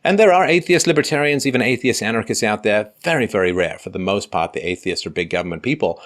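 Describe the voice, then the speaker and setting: A man's voice: fairly low pitch, animated, fast talker, fairly bright tone. A man hosting a conversation, arguing his points at length and building them with examples. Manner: argumentative, builds points with examples and acted quotes. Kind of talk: casual conversation.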